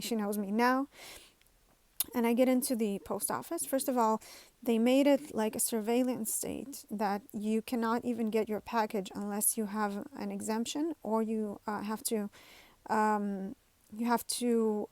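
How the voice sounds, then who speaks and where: A woman's voice: a little high, darkish tone, no room sound. A woman talking casually to her viewers, rambling through a story with many fillers and restarts. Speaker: vlogger. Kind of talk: casual talk to camera.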